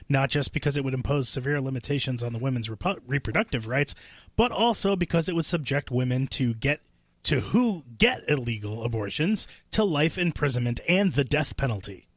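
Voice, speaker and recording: A man's voice: medium pitch, lively intonation, a little fast, no echo. A man co-hosting a talk radio show, hesitant, with many fillers and frequent chuckles. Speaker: radio co-host. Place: radio studio. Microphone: studio microphone.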